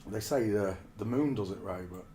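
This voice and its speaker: A man's voice: fairly low pitch, moderate pace, a crowd in the background. A man in his forties from England, telling rambling stories in casual chat and calling the listener mate. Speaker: streamer.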